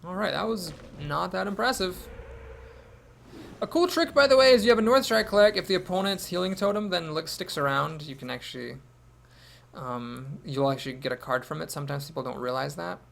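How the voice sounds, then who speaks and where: A man's voice: high voice, expressive, a little fast, creaky, a bit bright. A man thinking aloud as he commentates his own card game, with wry asides. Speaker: gameplay commentator.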